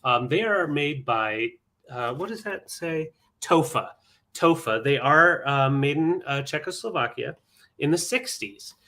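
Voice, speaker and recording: A woman's voice: low-pitched, animated, measured pace, a bit bright. A woman co-hosting a casual vintage live sale, laughing often and describing items for sale. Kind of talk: casual live-stream selling chat.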